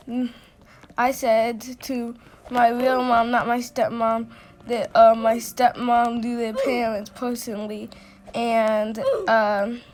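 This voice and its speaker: A woman telling a personal story in a casual storytime, halting often with restarts and fillers. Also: a little high, darkish tone.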